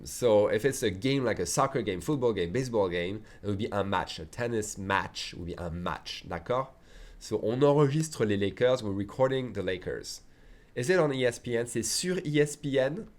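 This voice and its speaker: Casting: middle-aged French man, French accent, lowish voice, relaxed tutor for beginners, repeats and checks in. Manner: chatty, repeats phrases and checks in with "d'accord". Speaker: French teacher. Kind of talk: beginner language lesson.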